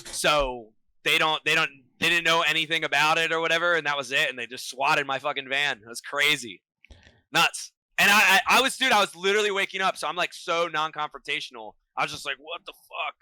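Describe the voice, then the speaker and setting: Guy with a really bright, punchy voice, kinda high, dry close sound, swearing his way through a wild story on a podcast. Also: brisk, clear, resonant tone, no room sound, low-quality recording. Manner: profane, excitable, slangy storyteller. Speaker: podcast guest, vocalist. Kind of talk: casual storytelling chat.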